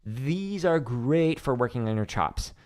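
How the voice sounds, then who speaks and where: A man's voice: mid-range voice, lively intonation, measured pace, darkish tone. A man in his thirties hosting a drumming livestream, chatting casually and counting beats aloud as he explains exercises. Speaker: drumming teacher, livestream host. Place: home drum studio.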